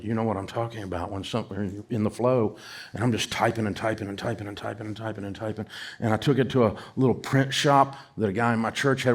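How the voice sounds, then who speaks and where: A middle-aged man with a Southern US accent, telling a folksy, self-mocking story to an audience. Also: on the low side. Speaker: speaker addressing an audience. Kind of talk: storytelling talk.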